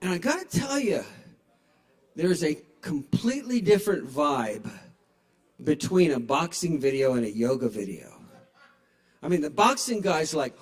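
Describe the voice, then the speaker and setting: A man's voice: on the high side, very animated, unhurried, long pauses. A man in his sixties doing a stand-up comedy set in a small bar, telling wry, profane stories into a stage microphone. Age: 60s.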